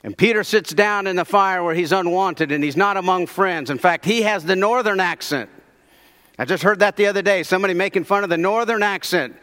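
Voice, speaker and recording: Man, preacher, conversational sermon, asks the congregation questions, fairly high voice, echoing hall. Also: fairly quick, a bit bright. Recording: long hall reverb.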